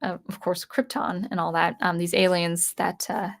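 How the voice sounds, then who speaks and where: Rambling, animated woman reviewing comics. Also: on the low side, normal speed, gravelly. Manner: rambling, animated, searches pages while talking. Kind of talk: casual spoken review.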